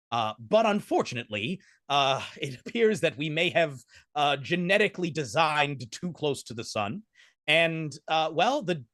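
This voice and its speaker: A man's voice: fairly high pitch, a bit bright, dry recording, clean studio sound. A man voicing a distraught, glitchy android-animal hybrid scientist with a chittering, fussy, apologetic manner.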